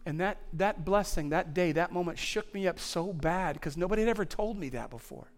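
A man preaching a sermon as pastor, building his points through repetition until he is nearly shouting. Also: sits high, fairly quick. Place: church auditorium on stage.

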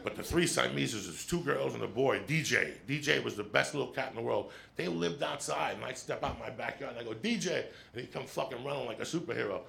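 A middle-aged man doing stand-up, telling a long story in a profane, animated way and checking in with the crowd with quick "right?" asides. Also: medium pitch. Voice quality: gravelly. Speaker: stand-up comedian. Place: comedy stage with audience.

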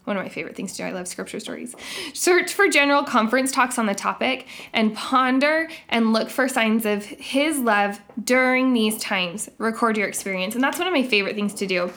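A woman's voice: on the high side, animated. Earnest woman hosting a devotional podcast. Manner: earnest and reflective, with soft laughs; reads scripture aloud in a measured way. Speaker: podcast host.

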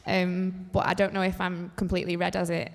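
A woman's voice: on the low side, monotone, fairly quick, gravelly. A woman from Manchester with a light Mancunian accent, a panel guest talking candidly in a casual discussion and swearing freely. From Manchester, England. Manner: candid, swearing, laughing asides. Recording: roomy hall reverb.

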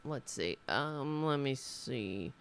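A woman's voice: rumbling low, lively intonation, takes it slowly, smooth. A woman hosting a casual political livestream, talking in a rambling, indignant way with frequent restarts. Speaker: livestream host.

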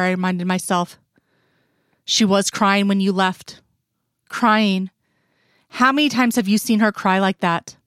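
A woman reads a story aloud in a steady, measured way, her voice at a medium height. The recording is dry and close, with no room echo. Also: medium pitch. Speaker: reader. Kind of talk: scripted narration of a story.

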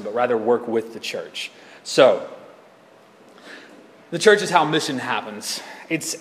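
A male pastor delivers a sermon in a loose, chatty manner, trailing off and correcting himself as he goes. His voice sits a little high for a man. It rings through a roomy church hall with a long echo. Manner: conversational, rambling, self-correcting. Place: church sanctuary. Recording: echoey hall reverb.

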